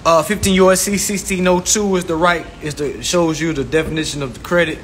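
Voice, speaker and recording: A man's voice: a little high, fairly even intonation, a little fast, slight background noise. A man teaching viewers about credit in an informal, preachy lecture, swearing a lot for emphasis and repeating his points. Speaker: self-styled credit instructor.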